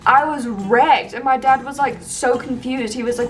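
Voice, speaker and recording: A young woman telling funny stories from her life in a chatty, animated way with lots of fillers. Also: a little high, brisk, few pauses, distant mic, soft background music, poor audio. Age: young adult. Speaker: vlogger. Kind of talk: casual storytime.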